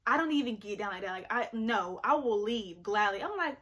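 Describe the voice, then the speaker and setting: A young woman vlogger telling a story in an animated, chatty way, full of "like" fillers. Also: medium pitch, a little fast, few pauses, breathy edge. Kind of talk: storytime vlog.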